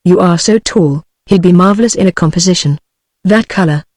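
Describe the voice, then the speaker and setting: A text-to-speech British English woman's voice reading the lines of a young, wealthy society wife in a flat delivery. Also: on the low side, a little fast, no echo, studio quality, close to an everyday voice. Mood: eager. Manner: flat synthetic delivery of dialogue.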